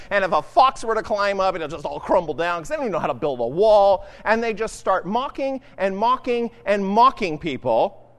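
A man's voice: high voice, very animated, a little fast, in a large hall. A man preaching a sermon in a casual, conversational way, often checking in with "right?". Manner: conversational, keeps asking "right?". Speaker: pastor.

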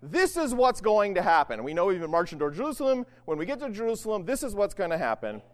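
Animated preacher teaching from the bible, voice jumps all over, keeps saying right?, long echo like a big church hall. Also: mid-range voice, fast. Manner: conversational, keeps checking in with "right?"; animated, swings between loud and hushed. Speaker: preacher teaching on the Gospel of Luke. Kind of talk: conversational Bible teaching sermon.

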